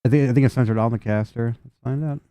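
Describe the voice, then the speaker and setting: Mellow-voiced male game master. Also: mid-range voice, fairly even intonation, fast talker, no room sound. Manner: casual, repeats words, reads rules aloud. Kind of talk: running a tabletop game.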